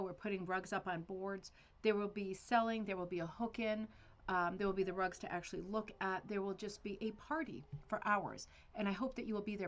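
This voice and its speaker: A woman hosting a rug hooking club livestream, chatting casually and rambling with fillers and laughs. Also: lowish voice.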